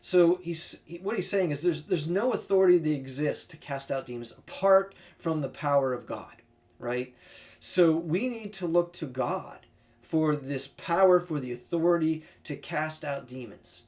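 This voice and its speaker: A man's voice: fairly high pitch, a little slow, darkish tone. A man teaching a Bible passage in an informal, conversational way, thinking aloud and checking in with listeners. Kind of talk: conversational Bible study talk.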